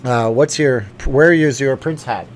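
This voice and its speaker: A middle-aged man talks loosely through a home livestream, drifting from one aside to the next and often restarting his sentences. His voice sits at an ordinary middle pitch. A faint noise hums underneath the recording. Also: a little slow. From lives in Las Vegas. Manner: rambling, chatty, with frequent restarts and asides. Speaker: channel host reading live chat. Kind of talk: casual livestream chat. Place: home room.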